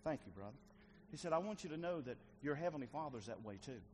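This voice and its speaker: A middle-aged male pastor preaching a sermon, swinging between loud and hushed delivery. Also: mid-range voice, animated, fast, a little hiss or hum. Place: church sanctuary.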